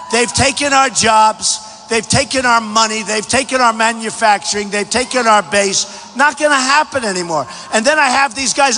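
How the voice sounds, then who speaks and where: A presidential candidate giving a boastful, repetitive campaign rally speech, often shouting, in a large packed hangar. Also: male voice, very high-pitched, a little hiss or hum. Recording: echoey hangar hall.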